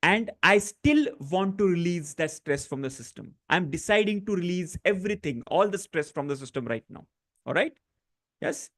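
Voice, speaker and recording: Man, fairly high voice, gentle instructive tone, frequent fillers, live online class facilitator. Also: lively intonation, moderate pace. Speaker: stress-relief workshop facilitator. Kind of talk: guided tapping session on a live online class.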